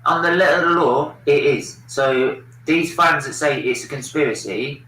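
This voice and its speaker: A man's voice: fairly high pitch, moderate pace, sharp tone, echoey room, recorded from a distance, low-quality recording. A man hosting a football watchalong stream, opinionated and swearing freely in casual chat.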